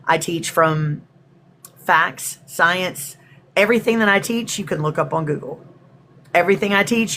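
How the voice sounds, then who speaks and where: A woman's voice: sits low, fairly bright tone, slight background noise. A woman from Texas, hosting a spiritual livestream in a chatty, rambling way and greeting viewers by name. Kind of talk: casual livestream talk.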